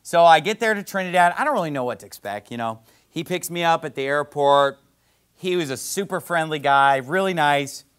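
A man from the United States, a preacher, telling a travel story in an animated way and acting out the people he quotes. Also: on the high side, a little fast, clean tone. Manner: animated, quotes others in lively voices. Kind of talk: storytelling sermon.

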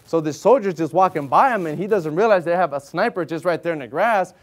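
A man with a noticeably high-pitched voice delivers a sermon, talking to his listeners like friends but leaning hard on the words that matter. When he reads from the Bible he slows into a steady, measured cadence. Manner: earnest and conversational, rising to emphatic stresses; reads scripture in slow, measured King James cadence. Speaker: lay preacher.

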